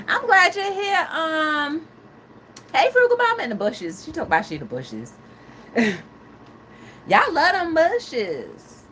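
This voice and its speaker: Woman host, lively and high-pitched, unhurried, playful live chat over steady background noise. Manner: animated, playful, dramatic exclamations. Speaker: talk show host reading live chat. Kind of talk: casual live-stream chat.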